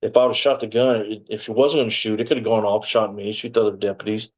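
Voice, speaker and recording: A middle-aged man talks fast in a fairly low voice, a former deputy telling his own story in an interview. He rambles and acts out every exchange in quoted dialogue. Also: flat delivery, a little mellow, poor audio.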